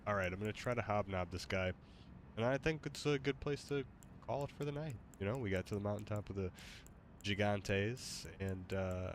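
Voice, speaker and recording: A fairly low-voiced man jokes around casually while streaming a game. He sounds easygoing and goofy, with clear background noise under his voice. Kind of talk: casual gaming stream chat.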